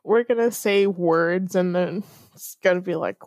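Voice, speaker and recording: A woman's voice: on the low side, unhurried, a little mellow, dry recording, clean studio sound. A young woman from Illinois, chatting in an easygoing way and laughing often. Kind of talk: casual chat.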